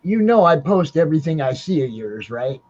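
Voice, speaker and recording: A man's voice: fairly high pitch, very animated, fairly quick, darkish tone. A man hosting a casual video call, chuckling and talking colloquially. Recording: dull call audio with crowd noise.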